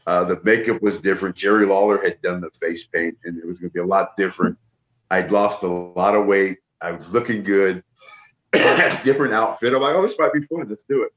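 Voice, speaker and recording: A middle-aged man from the northern United States telling animated stories as an interview guest, acting out what others said. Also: low voice, echoey room. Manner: animated storyteller, acts out quotes. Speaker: interview guest, former wrestler. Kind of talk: casual storytelling. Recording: dull lo-fi sound.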